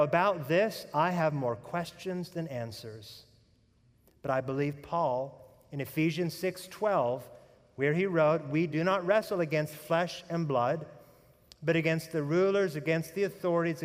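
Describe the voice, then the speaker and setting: Pastor preaching in a reverberant hall. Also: male voice, a little high. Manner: animated storytelling, drops to hushed tones; folksy asides and humor. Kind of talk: sermon.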